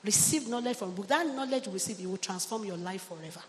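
Quick-paced and medium in pitch, a middle-aged woman pastor exhorts her flock in a sermon, trading call-and-response and summoning amens and hallelujahs. The recording has a long church hall reverb and faint ambient noise.

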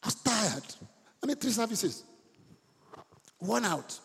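Male pastor, passionate sermon, raised voice, husky, live in an echoey church hall. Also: sits high, big pitch swings, takes it slowly. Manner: impassioned preaching, rising to shouts.

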